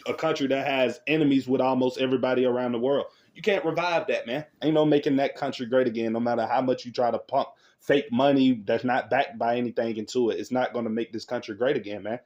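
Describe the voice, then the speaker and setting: A man's voice: medium pitch, fairly even intonation, fast talker, darkish tone, highs cut off. A man in casual commentary reacting to a news clip, laughing often, speaking in loose slangy talk and reading scripture aloud. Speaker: religious online commentator.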